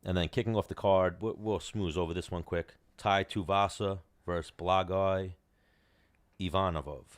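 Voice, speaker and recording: A man's voice: sits low, steady tone, normal speed. A man hosting a podcast who goes over fights in a loose, rambling way. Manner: rambling, loose, with lots of fillers. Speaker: podcast host. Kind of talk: casual chat, fight recap.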